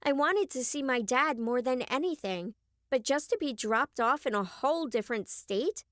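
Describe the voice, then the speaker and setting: A woman narrating a first-person young adult novel as an audiobook, clear and expressive on a close mic. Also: high voice, normal speed, dry recording.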